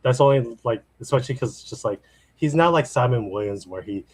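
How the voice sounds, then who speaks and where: A man's voice: medium pitch, expressive, a little fast, darkish tone. A man in casual chat, speaking hesitantly with many fillers.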